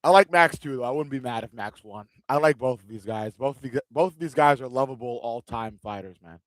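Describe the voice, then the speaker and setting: A man's voice: medium pitch, brisk, no room sound. A man hosting a live fight watch-along, chatting casually and joking with loose, rambling restarts. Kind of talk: casual live-stream chat.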